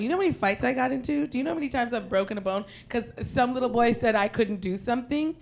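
A young woman from Queens telling a personal story in an animated, profane way, breaking into loud shouted quotes. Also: on the high side, fast talker, gravelly, hardly any pauses. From Queens, New York.

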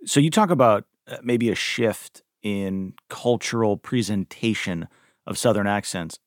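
A man co-hosting a radio show, asking a guest questions with some halting restarts. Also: on the low side, no echo, studio quality.

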